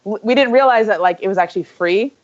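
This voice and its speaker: A young woman co-hosting a podcast, telling a story in a casual, animated way, full of "like" and quick asides. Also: mid-range voice, muffled recording. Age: young adult. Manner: animated, filler-heavy storytelling with lots of "like". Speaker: podcast co-host.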